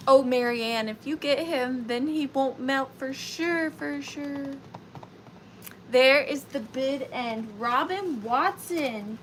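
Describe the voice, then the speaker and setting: A woman's voice: high-pitched, takes it slowly, slight background noise. A woman with a Southern US accent, hosting a live vintage sale, chatting playfully and counting down bids. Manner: chatty, playful, sing-song and animated, talking to buyers. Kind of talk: live auction stream chat.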